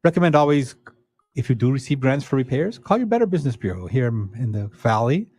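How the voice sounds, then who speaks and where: A man's voice: mid-range voice, big pitch swings, quick pace, darkish tone, husky, no room sound, studio quality. A man speaking as a visiting disaster agency official in a casual radio interview, explaining things step by step and giving practical advice. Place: radio studio.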